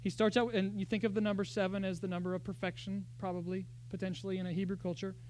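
High-voiced man preaching animatedly. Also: quick pace, slight background noise. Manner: animated, conversational preaching with rhetorical questions. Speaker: pastor. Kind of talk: sermon.

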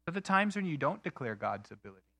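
A man preaching a sermon in an earnest, emphatic way, slowing down to stress key phrases. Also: on the high side, very animated, gravelly, a bit bright, dry recording. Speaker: pastor.

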